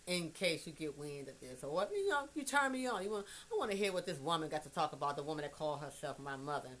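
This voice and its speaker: Talking to her grown son over a phone livestream, a middle-aged woman delivers a blunt, rambling monologue full of swearing, lurching between soft and loud. Her voice sits low and comes out animated and fast, with a bit of background noise.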